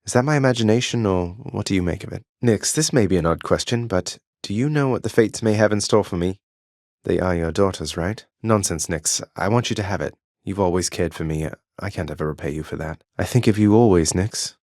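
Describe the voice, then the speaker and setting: An actor playing an earnest, wry young prince of the underworld in a video game, polite with dry teasing, recorded in a studio booth. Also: male voice, sits low, brisk, darkish tone, no echo.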